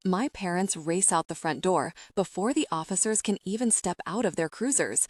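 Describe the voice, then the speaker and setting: A woman's voice: lowish voice, moderate pace, few pauses, no room sound, studio quality. A woman narrating a first-person romance audiobook in an emotional, dramatic reading.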